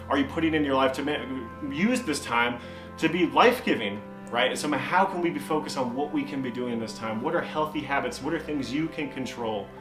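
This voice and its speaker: An animated young man preaches to youth in a casual, storytelling way, with his voice sitting a bit high. He keeps saying "man" and "like" as he talks. The room around him echoes, and soft music plays underneath. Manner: animated, acts out quoted voices, frequent "man" and "like". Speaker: youth pastor.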